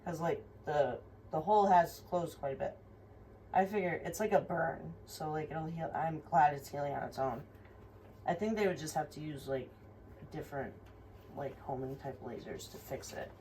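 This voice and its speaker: A woman's voice: sits low, normal speed, warm tone. A young woman tells a personal story in a rambling, frank way, swearing often and using many fillers. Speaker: vlogger. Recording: somewhat distant mic with faint room noise.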